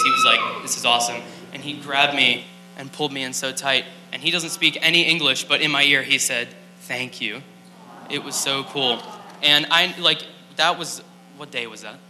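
Excited rambling man, very bright voice. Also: medium pitch. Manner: excited, rambling with many fillers. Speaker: student sharing a testimony. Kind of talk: church testimony. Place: church sanctuary. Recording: echoey hall, faint noise.

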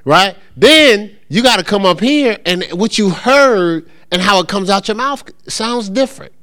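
A middle-aged man teaching a church congregation in a relaxed, conversational way, acting out the voices of churchgoers and checking in with his listeners. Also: sits high, unhurried. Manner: animated, acts out voices of churchgoers and callers; conversational with frequent check-ins. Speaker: pastor teaching. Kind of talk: informal church teaching talk.

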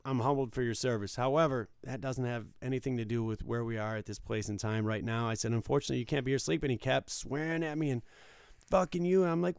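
Gravelly man telling a story, animated. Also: medium pitch, fast, dry recording, studio quality. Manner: animated storyteller, acts out quotes loudly. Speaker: casino dealer. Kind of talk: casual podcast chat.

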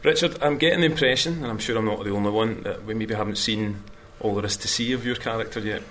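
A man interviews the cast, probing with questions and restarting as he goes. He talks fast in a lowish voice, with a faint hum of ambience behind. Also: a bit bright. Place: small room.

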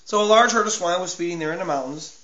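Impassioned high-voiced preacher in an echoey room. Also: male voice, fast talker. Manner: impassioned, swinging from hushed to shouting; repeats and stumbles over words for emphasis. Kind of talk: sermon. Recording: echoey room, dull lo-fi sound.

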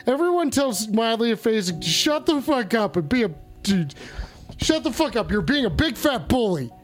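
A man's voice: very high-pitched, big pitch swings, normal speed, soft background music. A man hosting a comedy call-in show, with crude, mock-sincere, rambling banter.

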